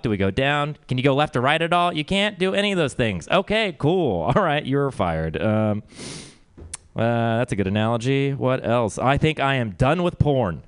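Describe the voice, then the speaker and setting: A man doing stand-up at a live comedy venue. His voice is mid-pitched and very smooth. He rambles and mocks himself. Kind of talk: stand-up set.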